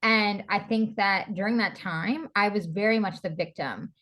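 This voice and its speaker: Her mid-range voice is fairly bright and moves at a normal speed as this podcast guest, who works as a stylist and breathwork coach, shares heartfelt thoughts in a candid interview. "Like" and "you know" come up again and again as she talks.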